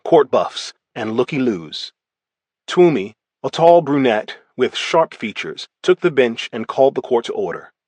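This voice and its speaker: A man's voice: medium pitch, no room sound. Guy reading an audiobook, first person, plain mid voice, dead dry room. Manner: steady first-person storytelling. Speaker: audiobook narrator. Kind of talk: scripted narration.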